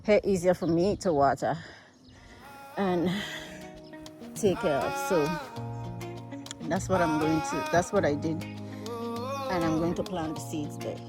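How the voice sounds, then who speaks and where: Loud music plays behind a lowish female voice that moves at a slow pace with long pauses. An American vlogger, she gardens outdoors on her farm, panting from digging in the heat, and rambles chattily to her viewers, calling them "guys," in a casual farm vlog.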